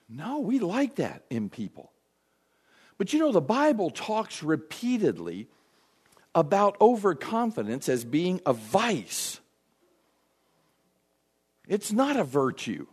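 A man's voice: sits high, a little slow, pauses often, husky. A man preaching a sermon, acting out the voices of the people he quotes. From United States. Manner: animated, acts out quoted voices. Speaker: pastor.

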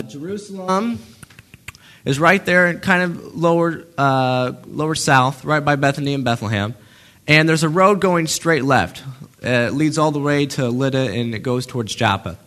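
A man teaching a Bible passage in a relaxed, conversational way, with many fillers and restarts, acting out what people say. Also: on the high side.

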